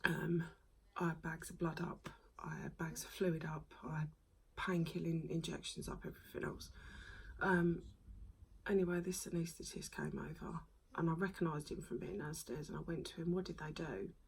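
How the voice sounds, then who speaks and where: Soft-spoken woman, slightly gravelly. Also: low voice, fairly even intonation, poor audio. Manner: soft-spoken, halting, with many ums and frequent whispery stretches. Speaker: vlogger. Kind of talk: personal storytelling to camera.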